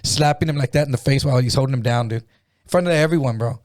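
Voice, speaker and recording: A man's voice: mid-range voice, quick pace, darkish tone, no echo. A middle-aged man telling a slangy, profanity-laced story in a casual podcast chat. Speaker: comedian guest.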